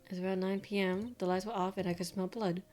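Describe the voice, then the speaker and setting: A woman voicing a subdued young spirit medium in a video game, speaking softly and hesitantly. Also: mid-range voice, steady tone, quick pace, natural voice. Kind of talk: reading game dialogue aloud.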